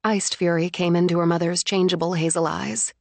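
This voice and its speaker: A woman reading a novel aloud as an audiobook narrator, lifting her pitch to voice the characters. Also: steady tone, brisk, creaky, a little mellow, no echo.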